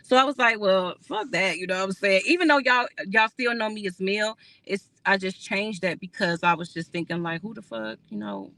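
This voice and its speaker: A woman talking straight to her livestream viewers in a bright, pointed voice. She is candid and rambling, swears freely and laughs often. The sound is close and dry. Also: mid-range voice, normal speed, few pauses, dry recording. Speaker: livestream host. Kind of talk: casual livestream chat with viewers.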